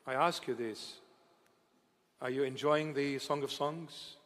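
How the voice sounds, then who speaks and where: A bishop giving a sermon, tender and playful in how he talks, now and then rising into loud outbursts, recorded in a church. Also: medium pitch, steady tone, slow. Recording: church hall reverb.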